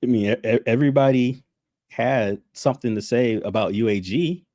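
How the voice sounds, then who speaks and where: A man's voice: medium pitch, moderate pace, dark tone, dry recording, clean studio sound. A man hosting a casual livestream, venting in a heated, sarcastic, profane way, often laughing between remarks. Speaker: channel host.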